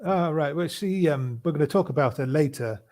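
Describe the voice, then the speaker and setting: A man hosting a casual political chat show, talking in a halting way with many restarts and fillers. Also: fairly high pitch, mellow. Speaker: podcast host.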